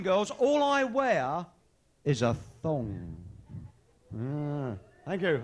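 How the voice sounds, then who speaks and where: A man's voice: high voice, fairly bright tone. A man doing a cheeky, bawdy stand-up routine, bantering with a live audience. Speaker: stand-up comedian. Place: live comedy venue with audience.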